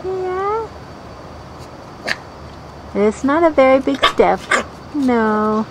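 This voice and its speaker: A woman's voice: high voice, big pitch swings, extremely slow, long pauses, background noise. A woman filming her pets outdoors on a handheld camera, coaxing them in sing-song baby talk. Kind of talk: home video, talking to pets. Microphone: handheld camera mic.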